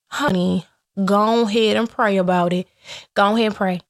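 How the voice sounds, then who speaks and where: A woman talking to her viewers about faith in a loose, chatty way. She tells her stories with lots of animation, acting out both sides of each exchange. Her voice sits at an ordinary middle pitch. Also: moderate pace. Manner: animated storytelling that acts out her own and God's replies; chatty, with playful asides to viewers. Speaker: faith vlogger. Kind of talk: casual faith talk to viewers.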